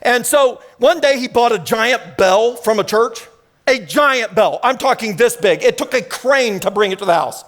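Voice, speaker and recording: A man, preaching an energetic sermon full of storytelling in a church. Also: extremely high pitch, moderate pace, soft background music. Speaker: guest preacher. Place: church sanctuary.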